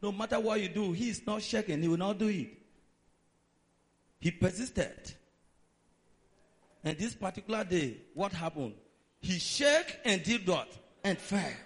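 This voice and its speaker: Male preacher, high register, lively and emphatic delivery. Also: measured pace, long pauses. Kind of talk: sermon.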